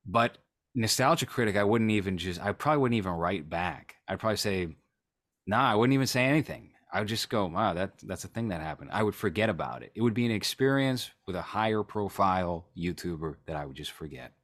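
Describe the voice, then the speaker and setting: A man with a very deep voice talks casually with a co-host. His remarks are dry and sarcastic, tossed off in a relaxed chat. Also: fast talker. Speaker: podcast co-host. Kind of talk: casual chat reacting to a video.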